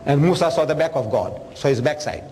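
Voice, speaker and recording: High-voiced older man preaching in a reverberant hall. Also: a little fast, slight background noise. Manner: animated, humorous, acts out dialogue and sound effects. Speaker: religious lecturer. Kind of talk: storytelling sermon to an audience.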